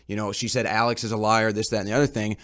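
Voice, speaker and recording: A man's voice: lowish voice, little pitch movement, racing, a bit bright. A man reporting on a talk show, casually recounting events in a rambling way and often repeating his words.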